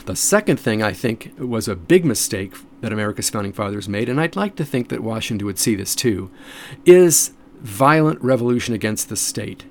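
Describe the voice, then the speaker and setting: A man's voice: on the low side, expressive, moderate pace, slight background noise. Emphatic lecturing man. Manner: emphatic, repetitive lecturing with restarts. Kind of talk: lecture-style commentary.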